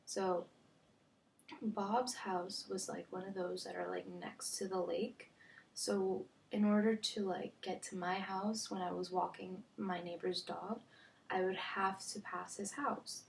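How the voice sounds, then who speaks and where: A woman's voice: mid-range voice, flat delivery, takes it slowly, gravelly. A young woman telling a storytime vlog in a chatty way, full of "like" fillers, often dropping to a near-whisper. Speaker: vlogger. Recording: faint background noise.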